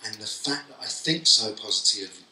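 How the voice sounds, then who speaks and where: A Cockney man delivers a keynote at a conference, spinning humorous stories and voicing the people in them. His tone is bright and cutting, and he sits far from the mic in an echoey hall. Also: on the low side, lively intonation, moderate pace. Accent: London Cockney. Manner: humorous storyteller, acts out quotes. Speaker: keynote speaker.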